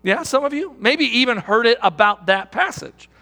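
A man's voice: extremely high pitch, expressive, normal speed, bright, forceful tone, long reverb tail. A male pastor delivering a sermon in an emphatic, rousing manner, often repeating phrases.

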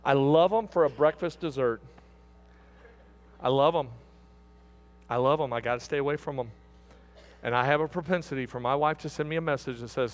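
A middle-aged man preaching a sermon as pastor, folksy and repetitive, dropping to soft asides and rising to loud exhortation. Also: medium pitch, normal speed, pauses often.

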